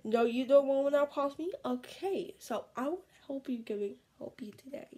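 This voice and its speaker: A woman vlogging in casual, excitable chatter, pleading and dropping into whispers. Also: high-pitched, moderate pace, breathy edge, poor audio.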